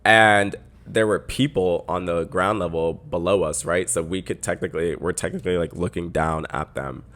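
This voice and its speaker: A man with a deep voice tells a story on his podcast, chatty and peppered with "like." He sits close to the microphone and talks casually. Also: steady tone, normal speed, a bit bright. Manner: chatty, lots of "like" fillers. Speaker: podcast host.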